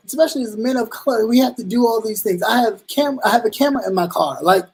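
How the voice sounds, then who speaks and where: A man hosting a talk show in casual commentary, slangy and animated, acting out little exchanges, with halting restarts. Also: sits high. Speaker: show host.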